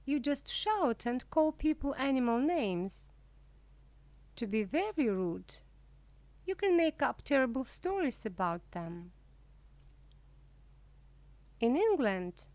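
Woman, audiobook reader, slow careful reading, expressive rising and falling tone, dry close sound. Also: on the high side, dry recording. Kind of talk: slow scripted reading for language learners.

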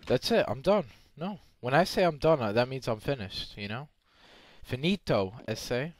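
A young man giving game commentary, excitable, often yelping and screaming when in danger. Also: mid-range voice, normal speed. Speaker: gameplay commentator.

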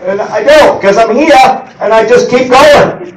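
A middle-aged man doing an animated stand-up set, acting out voices as he tells stories. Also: very high voice, a little slow. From Maine. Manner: animated storytelling, acts out voices. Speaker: stand-up comedian. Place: live event hall with audience. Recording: roomy audience recording from a distance.

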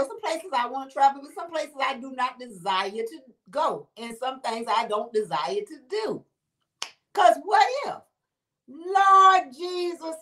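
A woman, chatting casually on a livestream and reading viewers' comments aloud. She talks in an animated way, laughs often and breaks into exclamations. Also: sits high.

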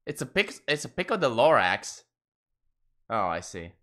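A male live streamer chatting casually with his viewers, swearing a lot and jumping into shrill outbursts. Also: big pitch swings, moderate pace, pauses often, fairly bright tone.

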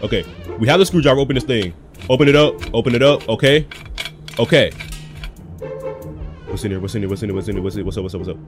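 A man playing a horror game and reacting out loud. He talks in a slangy, jumpy way and shouts and yelps whenever something startles him. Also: on the low side, quick pace, long pauses, music in the background. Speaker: gaming video creator.

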